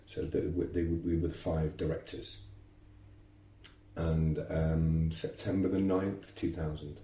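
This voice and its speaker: A man, telling lively stories as a martial arts instructor guest, repeating words as he goes. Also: very deep voice, a little slow, recorded from a distance. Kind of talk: casual interview storytelling. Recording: roomy echo, voice off-mic.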